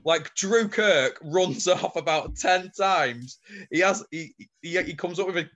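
A man co-hosting a podcast in casual chat, eager and animated, with some swearing. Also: fairly high pitch, a little hiss or hum. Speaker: podcast co-host.

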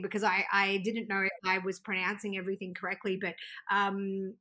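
A woman's voice: medium pitch, little pitch movement, a little fast, bright, forceful tone. A woman, a wedding singer, chatting casually and giggling in a podcast interview. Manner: chatty and giggly, with frequent restarts.

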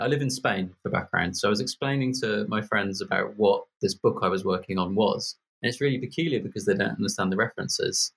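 Man, 40s, from Birmingham, husky low voice, rambling casual podcast guest. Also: a bit bright. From Birmingham, England. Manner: rambling, many fillers and restarts.

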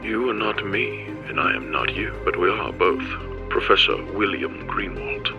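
A man game master voicing the calm, knowing double of an older professor, speaking over a phone with solemn warnings. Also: on the low side, normal speed, pitched below the performer's own voice. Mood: ominous. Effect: voice heard over a telephone. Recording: dull lo-fi sound with music behind.

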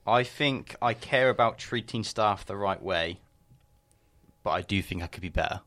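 A young man with a very low voice talks bluntly in relaxed chat, swearing without a second thought. His voice is close and dry, with no room around it. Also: moderate pace, dry recording. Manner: blunt, swears casually, laid-back. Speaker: podcast co-host, business owner. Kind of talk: casual chat.

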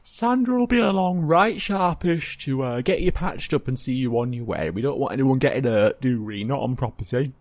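A man voicing a fussy, bossy male keeper who shouts orders down a pipe in a high, loud voice. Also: expressive, dry recording, lightly acted. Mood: officious. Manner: brisk and officious, shouting.

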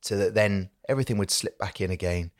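A man's voice: deep voice, fast talker. A man in his thirties, a podcast guest, telling stories in casual chat and acting out conversations. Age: 30s. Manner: animated storyteller, acts out conversations.

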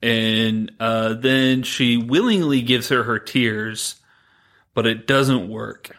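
A man co-hosting a podcast, retelling a movie plot in a rambling, animated way, quoting the characters as he goes. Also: mid-range voice, slow. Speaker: podcast co-host. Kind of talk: casual chat recapping a movie.

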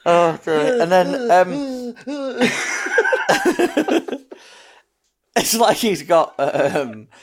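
Giggly, lively man. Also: high voice, drawn-out words, long pauses. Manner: giggly, animated, laughing through his points. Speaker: podcast co-host. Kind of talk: casual chat.

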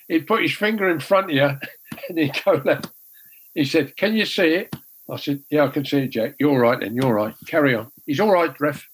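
An older man who used to be a goalkeeper tells rambling, self-deprecating anecdotes in a casual way, restarting often. His voice is a little high with a fairly bright tone at a moderate pace, on a low-quality recording with a little hiss or hum.

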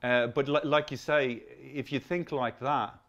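A man's voice: mid-range voice, fairly even intonation, a little slow, fairly bright tone, muffled recording. A man in his fifties hosting a podcast in casual conversation, rambling through restarts and swearing freely. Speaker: podcast host.

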